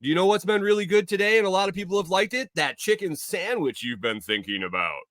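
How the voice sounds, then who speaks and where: A man's voice: high-pitched, lively intonation, fast, a bit bright, dry recording, clean studio sound, voice pushed up. A man putting on a chirpy drive-thru AI voice. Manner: eager, salesy, overly friendly.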